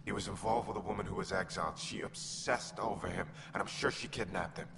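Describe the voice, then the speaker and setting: An actor voicing a worried, grieving colonist who pleads for help in a heartfelt way. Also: male voice, sits low, brisk, gravelly, in a large hall, heavy background noise.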